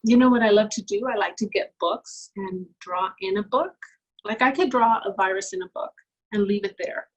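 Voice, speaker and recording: A woman's voice: medium pitch, normal speed, low-quality recording. A woman art instructor talking casually while she draws, musing aloud with fillers. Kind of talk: casual talk while drawing.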